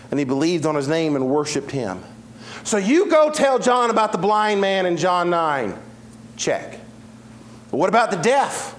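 A man delivers a sermon in a fairly high voice. He tells Bible stories with lots of energy, swinging between loud, quick passages and quiet, drawn-out ones, like a pastor working his congregation. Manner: animated storytelling preacher, swings from loud to hushed.

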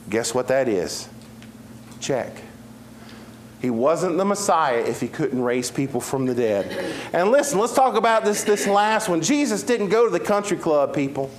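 A man preaching a sermon, telling Bible stories with lively swings between loud, fast passages and hushed, slow ones. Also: medium pitch, a little hiss or hum. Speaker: pastor.

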